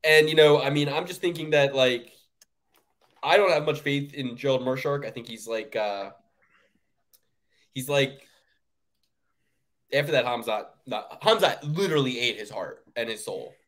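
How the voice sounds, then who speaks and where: A man co-hosting a sports betting podcast, ranting in casual, profane chat with sudden jumps up in pitch. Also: normal speed, pauses often, fairly bright tone. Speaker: podcast co-host.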